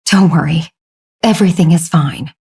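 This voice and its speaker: A businesslike female executive who answers in a dry, sarcastic way, read by a woman narrator. Her voice is mellow and breathy. She is a figure in a romance audiobook. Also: sits low, normal speed, exaggerated voice. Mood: calm. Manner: sarcastic, matter-of-fact.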